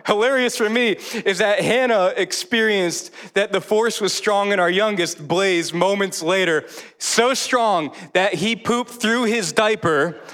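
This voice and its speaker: A man in his thirties preaching a sermon in church, telling lively stories with quick laughs and voices. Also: fairly high pitch. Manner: animated storytelling, quick laughs, mimics voices. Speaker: pastor.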